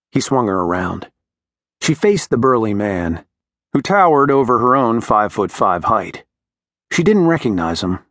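A man narrating a dramatic novel in a measured, scripted reading as an audiobook narrator. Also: fairly low pitch, a bit bright, no room sound, studio quality.

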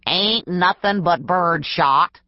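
Audiobook: narrator plays a crusty old hill-country storekeeper, snarling rural drawl, dull dry read. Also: female voice, on the low side, takes it slowly, no room sound. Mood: menacing. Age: older. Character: ornery old male mountain storekeeper.

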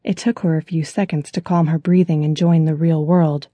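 A woman narrates a suspense audiobook in a steady, measured way. Her low voice is husky and mellow. The recording is dry and close. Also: no echo. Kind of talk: scripted narration.

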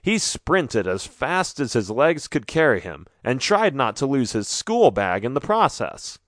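A man narrating a children's storybook in an expressive, animated way on a studio microphone. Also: medium pitch, unhurried, no echo. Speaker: audiobook narrator.

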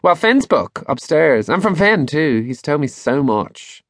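A man's voice: on the high side, big pitch swings, unhurried, no echo, clean studio sound, voice pushed up, heavily acted. A man voicing a curious, bold schoolgirl who speaks eagerly and exclaims bluntly.

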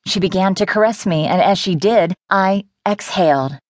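A woman narrating a romance novel in the first person, in a measured, intimate way. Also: medium pitch, no room sound, studio quality. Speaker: audiobook narrator.

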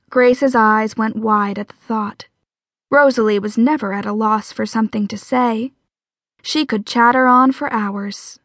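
A woman narrating a romance audiobook in a steady, even storytelling voice. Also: on the high side, measured pace, no echo. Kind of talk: scripted narration.

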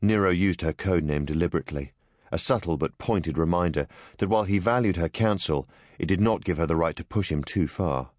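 A man narrating an audiobook with smooth, even storytelling. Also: low voice, brisk, dry recording, clean studio sound. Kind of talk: scripted narration.

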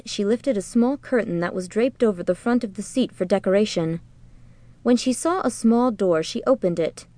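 A woman's voice: mid-range voice, no room sound. Woman narrating a storybook, dry close voice. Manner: even, measured storytelling. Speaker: audiobook narrator. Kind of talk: scripted narration.

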